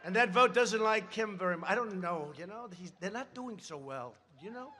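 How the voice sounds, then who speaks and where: A man giving a campaign rally speech at a podium microphone, rambling with sarcastic asides and shouted emphasis. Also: high voice, animated, normal speed, slight background noise.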